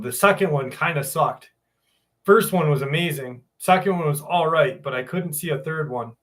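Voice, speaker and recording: A male podcast host in loose, casual chat. He reads listener stories and then slides into crude jokes. His voice sits a little high for a man. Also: moderate pace. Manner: joking, crude, riffs loudly.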